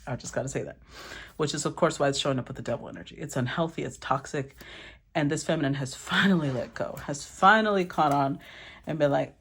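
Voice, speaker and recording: A woman giving a casual tarot reading, talking in an animated, blunt way and swearing casually. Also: deep voice, fast talker, husky. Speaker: tarot reader.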